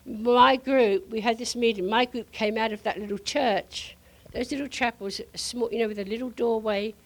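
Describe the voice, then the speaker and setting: An older woman preaching to a congregation, telling a lively testimony story with frequent laughter. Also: a little high, moderate pace. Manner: animated storyteller, laughing often.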